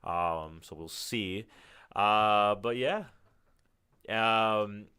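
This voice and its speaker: A man hosting a casual podcast, hesitant with fillers and quick to joke. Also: on the low side, sharp tone, smooth. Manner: hesitant, many fillers, jokey. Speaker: podcast host.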